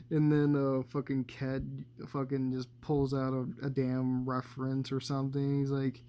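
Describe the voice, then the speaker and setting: A man's voice: mid-range voice, level tone, unhurried, clean tone. A man giving a casual spoken movie review, rambling and swearing a lot and chuckling as he talks.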